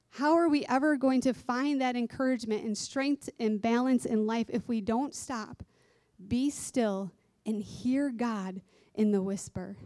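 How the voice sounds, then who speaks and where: A woman's voice: fairly high pitch, a little slow, a little mellow, dry recording. A woman who teaches dance giving an earnest devotional sermon, repeating key phrases for emphasis.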